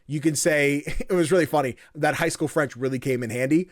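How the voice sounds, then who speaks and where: A man co-hosting a podcast, chatting casually in a rambling way with many fillers and quick acted-out bits of dialogue. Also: on the high side, no room sound, studio quality. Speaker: podcast co-host. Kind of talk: casual chat.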